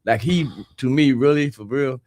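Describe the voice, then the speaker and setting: A laid-back man speaks as a guest on a casual call-in show, often agreeing and chiming in. His voice is at a middle pitch and sounds dry and close to the mic. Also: a little mellow, no echo. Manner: laid-back, quick to agree, backs the host up.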